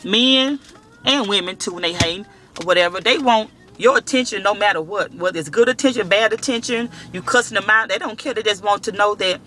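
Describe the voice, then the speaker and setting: Fairly quick and high-pitched, a male vlogger tells the camera a story using casual, profane language. He's animated throughout, acting out each bit of dialogue.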